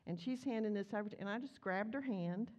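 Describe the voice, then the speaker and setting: A woman preaches in church at a medium pitch and a slightly fast pace, telling stories in a chatty, animated way. She voices the characters' dialogue herself as the sermon unfolds.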